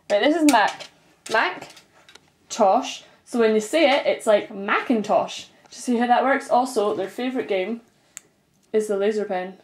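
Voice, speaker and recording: A woman's voice: on the high side, a little slow, a little hiss or hum. A woman from Glasgow with a mild Scottish accent, talking in a chatty, upbeat vlog at home, with plenty of ums. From Scotland, Glasgow. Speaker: vlogger. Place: her bedroom at home.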